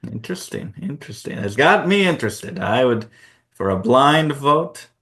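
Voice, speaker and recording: A man's voice: mid-range voice, very animated, moderate pace, fairly bright tone. A man co-hosting a board game channel, chatting casually about award nominees and thinking aloud with fillers.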